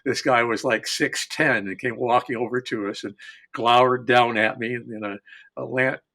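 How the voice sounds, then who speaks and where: Man, husky voice, mid pitch, relaxed storytelling, halting with fillers, chuckling. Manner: unhurried, halting with frequent "uh" fillers, chuckles through the telling; warm anecdotal tone, builds to punchlines. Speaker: storyteller and panelist. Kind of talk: personal storytelling on a discussion panel.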